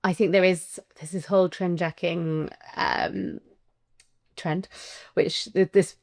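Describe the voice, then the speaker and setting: A woman's voice: lowish voice, fairly even intonation, slow, gravelly, darkish tone, no echo, clean studio sound. A woman guest on a podcast, speaking frankly and upbeat about marketing. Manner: frank, upbeat, informal fillers. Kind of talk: casual interview chat.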